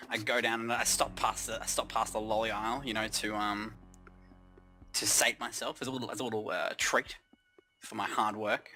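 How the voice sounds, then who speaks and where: A man's voice: on the low side, gravelly, bright, forceful tone. A young Australian man telling a rambling comic story, swearing constantly and puffing up small events with mock-grand exaggeration.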